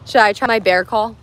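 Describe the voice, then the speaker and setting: A young woman livestreaming from her phone outdoors in the woods, chatting in a bubbly, rambling way as she answers viewers' comments. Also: mid-range voice. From United States. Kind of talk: casual livestream chat. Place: outdoors in wooded mountains.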